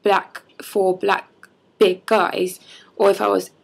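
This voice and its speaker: Young woman, heavy vocal fry, breathy husky tone, heated casual vlog rant. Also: medium pitch, little pitch movement, slow pace. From London. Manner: heated, frequent "like" fillers. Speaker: vlogger.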